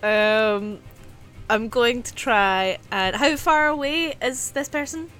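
A woman playing a tabletop game, playful and quick to laugh. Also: a little high, a bit bright, soft background music. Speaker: player. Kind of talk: casual tabletop play.

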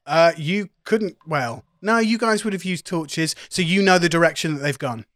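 A man's voice: on the high side, moderate pace, fairly bright tone, no room sound, clean studio sound. A man narrating as game master of a tabletop role-playing game, laughing along with his players.

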